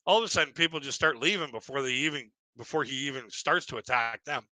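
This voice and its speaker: A man's voice: mid-range voice, quick pace, sharp tone, no room sound, poor audio. A middle-aged man telling a stand-up story on a live stream, rambling and repeating himself, acting out other people in raised voices. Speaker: stand-up comedian.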